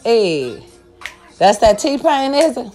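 An older woman giving a loud, sassy, profane pep talk to her followers. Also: a little high, sing-song, slow, faint music behind. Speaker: vlogger.

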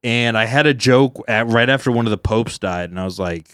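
A man's voice: medium pitch, fairly quick, a bit bright, dry recording, clean studio sound. A young man from Southern California, a stand-up comedian hosting a podcast, chatting loosely and acting out bits in silly voices. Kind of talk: casual chat.

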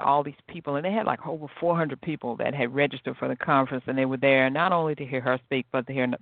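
A woman hosting a podcast on her own, chatting in a lively way and laughing often. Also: sits low, dry recording. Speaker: podcast host. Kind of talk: casual solo talk. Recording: tinny phone-like sound.

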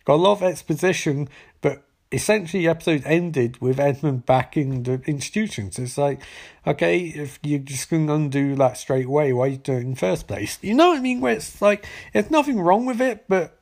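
A man's voice: a little high, fairly quick, a little mellow. A man casually recapping and reviewing a TV episode in a loose, chatty way. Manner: chatty, loose, with frequent restarts.

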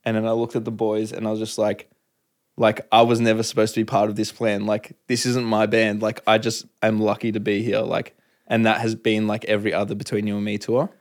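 A man's voice: on the low side, monotone, fairly quick. Brief: young Aussie man, easygoing podcast guest, loose rambling storyteller, lots of "like". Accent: Australian. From Australia. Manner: laid-back, rambling, full of "like". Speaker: podcast guest, touring musician. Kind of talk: casual chat, storytelling.

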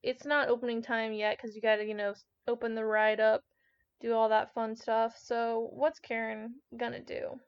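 A woman narrating as game master of a tabletop game, brisk and teasing. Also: on the high side, little pitch movement, clear, resonant tone, no echo, lo-fi sound.

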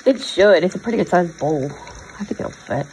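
A woman's voice: on the low side, expressive, normal speed, darkish tone, a little hiss or hum, low-quality recording. A woman vlogger, chatting casually to her viewers in a teasing, laughing way.

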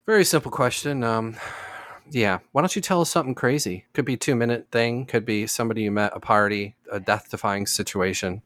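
A man's voice: mid-range voice, a little fast, a bit bright. A man hosting a casual podcast chat, joking and cursing easily. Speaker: podcast host.

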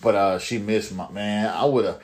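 A man's voice: fairly low pitch, steady tone, moderate pace, darkish tone. A man who works as a security guard, telling a rambling, profane story in casual chat.

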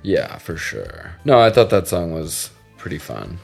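A man hosts a podcast in a casual, meandering chat laced with profanity and frequent restarts. His low voice swings widely in pitch, moves a little slowly, and has a creaky texture. Faint music plays in the background.

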